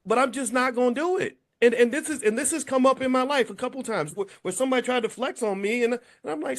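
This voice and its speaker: A man in his fifties giving an animated monologue, telling stories and acting out what people said. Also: fast talker, hardly any pauses. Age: 50s. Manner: animated storytelling, acts out quotes with big pitch jumps. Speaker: commentator. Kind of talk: casual monologue to camera.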